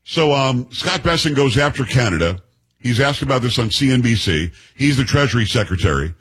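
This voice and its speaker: A man's voice: mid-range voice, expressive, brisk, fairly bright tone, slightly rough, low-quality recording. A man from the United States hosting a talk show, giving casual political commentary in a chatty way, with restarts and sarcastic asides.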